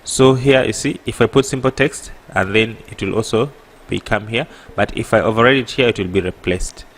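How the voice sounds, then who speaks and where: A man with an East African accent teaching an app coding tutorial, halting and correcting himself, often pausing with a rhetorical "what?". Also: on the low side. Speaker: programming tutor. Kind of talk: screen-recorded coding tutorial.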